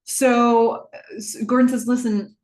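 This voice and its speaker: A woman hosting a podcast, casually recapping a TV episode and acting out the characters' lines with quick laughs. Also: fairly high pitch, level tone, darkish tone. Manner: chatty, laughs often, jumps into character voices. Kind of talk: casual recap with acted-out quotes. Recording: echoey room.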